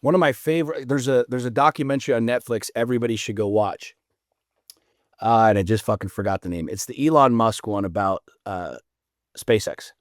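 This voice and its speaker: Blunt, animated man in a dry room. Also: medium pitch, brisk, no room sound. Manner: animated storyteller, blunt and profane. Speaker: podcast guest. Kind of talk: casual podcast conversation.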